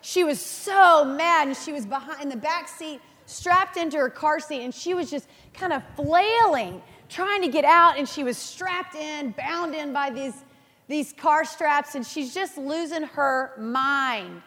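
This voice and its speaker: A woman in her thirties preaching a sermon, earnest and animated, telling personal stories and laughing at herself. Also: sits high, measured pace. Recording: reverberant hall.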